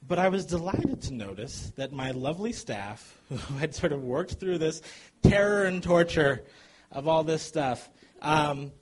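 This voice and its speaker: A man telling a comic true story to a live audience, animated and chuckling as he goes. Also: fairly high pitch, measured pace, background noise.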